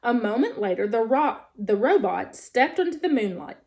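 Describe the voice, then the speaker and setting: Expressive woman reading a storybook aloud. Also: fairly high pitch, normal speed, hardly any pauses.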